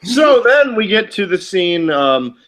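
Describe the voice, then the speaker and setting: A man's voice: high-pitched, big pitch swings, measured pace, a bit bright. A man co-hosting a casual film review chat, recapping scenes in a laid-back, teasing way. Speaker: podcast co-host.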